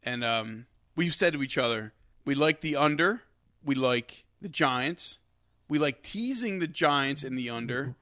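A young man co-hosting a casual sports betting show, animated and swearing freely, his voice jumping high when he gets worked up. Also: a little slow, no echo, clean studio sound. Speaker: podcast co-host.

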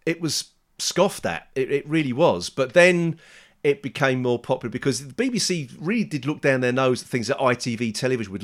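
A man's voice: fairly high pitch, fairly bright tone. A man chatting casually, rambling with many restarts and fillers as he recommends an old sitcom. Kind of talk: casual chat.

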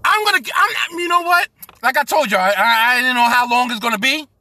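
A man's voice: very high voice, animated, brisk, bright, forceful tone, no echo. A man from Brooklyn with a New York accent, hosting a solo podcast and ranting profanely about sports. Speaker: podcast host.

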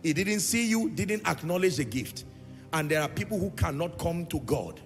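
A man preaches with a high, lively, gravelly voice that swoops up and down. He hammers home his points with repetition and drifts into sung phrases. The sound rings in a large hall with faint music behind. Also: moderate pace. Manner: emphatic preaching with repeated phrases and sung lines. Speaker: pastor. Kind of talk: sermon.

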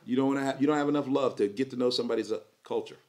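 A man preaching an energetic sermon at a church service, joking and doing playful voices while the congregation answers him. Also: medium pitch, racing. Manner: lively, jokey preaching with playful put-on voices. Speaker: pastor.

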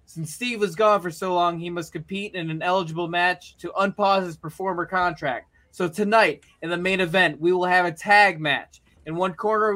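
Guy doing a smug bossy wrestling owner, high bright voice, ordering people around. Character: smug male wrestling company boss, controlling.

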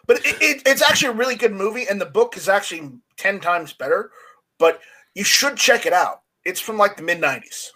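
Casting: man, high and bright voice, earnest explainer in a casual chat. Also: lively intonation, fairly quick, low-quality recording.

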